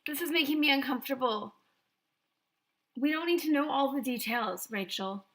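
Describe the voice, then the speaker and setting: A woman's voice: high-pitched, moderate pace, fairly bright tone. A woman hosting a reaction video, making sarcastic, incredulous asides in casual commentary.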